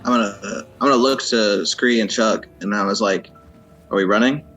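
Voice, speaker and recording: Bright-voiced, hesitant male player. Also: lowish voice, steady tone, a little fast, highs cut off, soft background music. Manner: hesitant, many fillers. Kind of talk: casual game chat.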